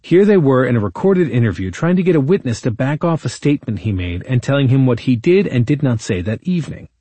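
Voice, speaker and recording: A man narrates his own legal case as a first-person true-crime audiobook, measured and indignant in his storytelling. His medium-pitched voice is warm and husky, with no room sound.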